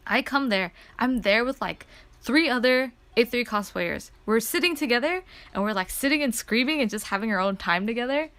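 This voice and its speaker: Excitable woman rambling through a story. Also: on the high side, normal speed, no echo. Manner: excitable, rambling, lots of "like" fillers. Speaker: streamer. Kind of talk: casual story time chat.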